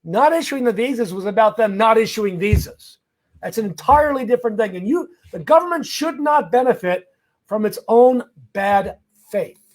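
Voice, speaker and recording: A man with a strikingly high voice for his sex hosts a live question-and-answer stream as an immigration lawyer. He is energetic and chatty and greets viewers by name. He stresses his legal points emphatically, as if rallying a crowd.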